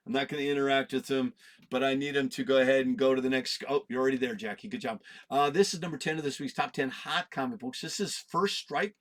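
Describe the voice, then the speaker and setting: A man in his fifties hosting a comic book video, talking in a casual, rambling way with many fillers and restarts. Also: medium pitch. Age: 50s. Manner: rambling, animated, self-interrupting with fillers.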